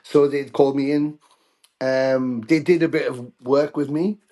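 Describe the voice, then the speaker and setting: A middle-aged British man telling anecdotes in a casual interview, animated when he quotes others. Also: medium pitch, unhurried. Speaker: guest musician.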